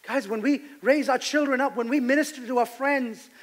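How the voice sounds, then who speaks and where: Impassioned high-voiced male pastor. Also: moderate pace. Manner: impassioned, emphatic, swings between loud and hushed. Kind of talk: sermon. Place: church. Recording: music playing behind the preaching.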